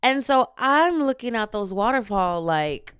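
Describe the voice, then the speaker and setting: A young woman hosting her own show, telling a funny travel story in a casual, animated way with quick asides and laughter. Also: fairly high pitch, smooth, no echo, clean studio sound. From family from Dominica. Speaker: podcast host.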